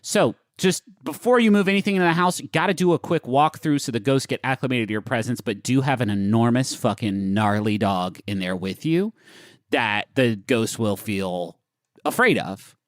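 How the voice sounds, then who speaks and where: Animated man hosting a comedy podcast. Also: moderate pace, dry recording, clean studio sound. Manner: animated, jokey, swings between high and low pitch while reading aloud. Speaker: podcast co-host reading an advice article. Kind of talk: casual comedic podcast banter.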